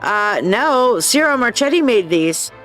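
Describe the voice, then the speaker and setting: Brief: a higher-voiced woman hosting a casual live stream. She reads posts aloud with bold, blunt commentary, over faint music. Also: unhurried. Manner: animated, blunt and profane, acts out quoted people in voices; calls viewers babe and dear.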